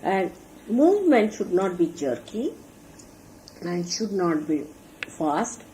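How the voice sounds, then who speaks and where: Earnest woman teacher with a lively voice. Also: medium pitch, slow, rough recording. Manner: earnest, instructive, demonstrates with gestures. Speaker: spiritual teacher. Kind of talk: sermon to followers. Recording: archival talk recording with faint hiss.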